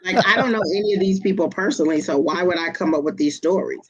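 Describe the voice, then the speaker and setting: A woman's voice: lowish voice, fast talker, dry recording, dull audio. A woman co-hosting a tarot reading show, speaking bluntly and matter-of-factly. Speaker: tarot reader and co-host. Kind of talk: casual live-stream chat.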